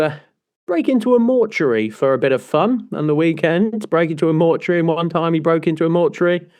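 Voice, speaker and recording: A man's voice: a little high, no room sound, clean studio sound. Sweary jokey man with a Midlands accent. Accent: English Midlands, Nottingham area. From England. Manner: sweary, jokey, animated storytelling. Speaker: podcast co-host. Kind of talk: casual chat.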